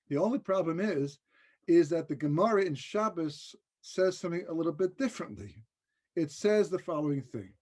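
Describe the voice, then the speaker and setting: A rabbi giving a conversational, joking Torah class in a webinar, often checking in with the listeners. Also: male voice, high-pitched, a little mellow. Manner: conversational and joking, with frequent rhetorical "right?". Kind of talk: casual Torah lecture over a webinar.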